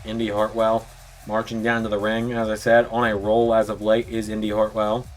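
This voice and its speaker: A man's voice: fairly low pitch, completely flat delivery, normal speed, slight background noise. A man with a sore throat doing announcer-style play-by-play commentary for a video game wrestling show. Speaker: commentator, channel host.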